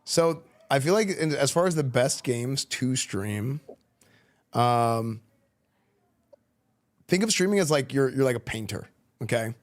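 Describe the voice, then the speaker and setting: A man from Texas with a Texan accent, a streamer chatting casually with a school class, relaxed and slangy, with lots of fillers and restarts. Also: medium pitch, a little slow, pauses often. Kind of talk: casual chat answering students' questions. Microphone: good streaming microphone.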